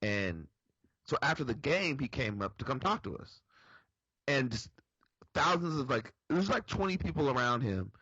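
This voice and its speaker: A man's voice: mid-range voice, normal speed, husky, dry recording. A man co-hosting a casual talk show, telling a story at an easy pace. His voice is dry, with no room sound, and slightly muffled. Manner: relaxed storytelling. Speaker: podcast co-host. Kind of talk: casual chat.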